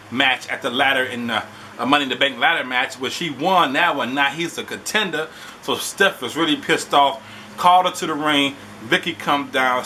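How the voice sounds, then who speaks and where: A man in a casual vlog, recapping a wrestling show in animated, slangy talk. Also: medium pitch, a little hiss or hum.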